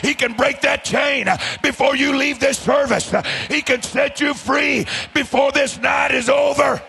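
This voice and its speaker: A man preaching a sermon, swinging between hushed, low storytelling and shouted, fervent declarations. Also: fairly even intonation, measured pace, creaky, slight background noise.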